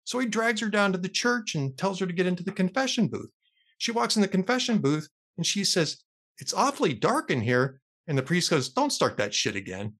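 A man's voice: high voice, fairly quick. A man hosting a talk show, chatting casually and telling a long joke with acted-out voices. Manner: lively storyteller who acts out the characters' lines. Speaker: radio talk show host. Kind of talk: casual chat, telling jokes.

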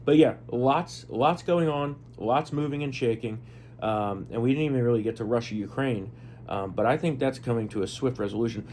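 Hoarse man, podcast co-host, opinionated list-maker, faint hum behind. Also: medium pitch, normal speed, darkish tone. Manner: opinionated, talks in lists with fillers. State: losing his voice. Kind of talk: casual political chat.

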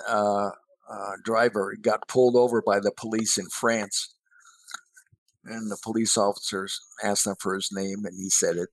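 An older man talking as a guest columnist in a casual chat, halting and repeating words before he gets going. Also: fairly low pitch, no room sound.

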